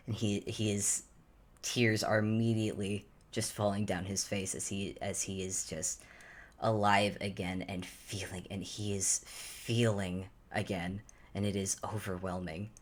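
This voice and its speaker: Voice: deep voice, flat delivery, a little slow. A player describing a character's actions in a tabletop game, searching for words and restarting phrases.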